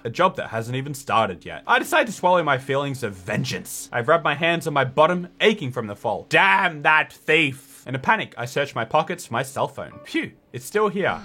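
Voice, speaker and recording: Sarcastic animated man reading a game aloud. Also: medium pitch. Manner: sarcastic, animated, mocking the script. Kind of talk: let's play commentary.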